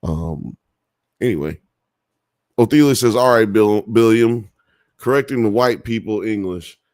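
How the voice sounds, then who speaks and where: Slow, low-voiced man rambling on a livestream. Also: a little mellow, no room sound, studio quality. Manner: rambling, profane, laughs often. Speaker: podcast host reading live chat. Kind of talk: casual live-stream chat.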